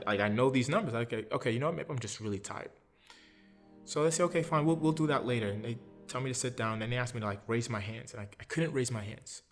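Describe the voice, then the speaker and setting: A man's voice: mid-range voice, fairly bright tone. Man in his thirties telling his story. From Brooklyn, New York. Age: 30s. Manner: earnest, recounts events step by step, often acts out other people's words. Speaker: interview guest. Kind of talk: personal storytelling.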